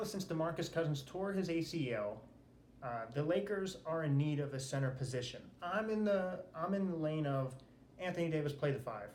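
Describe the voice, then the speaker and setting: A man's voice: fairly high pitch, darkish tone. Emphatic man hosting a sports podcast. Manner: emphatic, repeats key phrases for effect. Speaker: podcast host. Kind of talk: solo sports commentary rant. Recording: roomy, with faint background noise.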